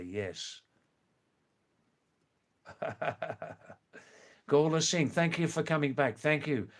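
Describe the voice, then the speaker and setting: Slow-spoken Australian man hosting a stream. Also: medium pitch. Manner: slow, careful and clear, with frequent chuckles. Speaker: live stream host. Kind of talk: casual live-stream chat reading viewer comments.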